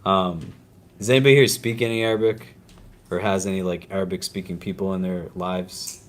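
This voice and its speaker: A man's voice: sits low, steady tone, fairly quick. A man teaching a class on prayer in a casual, conversational way, often checking in with his students.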